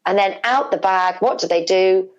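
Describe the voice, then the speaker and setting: A middle-aged woman with a British accent, a guest telling an emotional family story with animated repetition for emphasis. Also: medium pitch, moderate pace. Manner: animated, repeats words for emphasis. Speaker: guest, wrestler's mother. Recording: slightly dull lo-fi recording.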